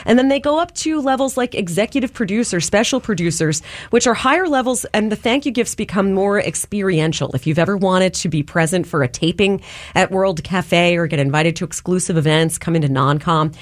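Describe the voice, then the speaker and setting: A woman's voice: fairly low pitch, fairly quick, no echo. A woman hosting a radio pledge drive, making upbeat, enthusiastic appeals to listeners in a Philadelphia-area accent. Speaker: radio host. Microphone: studio microphone.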